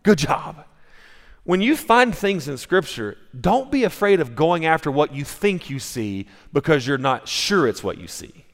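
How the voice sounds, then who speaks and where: A male pastor giving a sermon, telling stories in a conversational, animated way, with restarts and acted-out quotes. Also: on the high side, moderate pace, few pauses. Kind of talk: sermon storytelling. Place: church sanctuary. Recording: long reverb in a large hall.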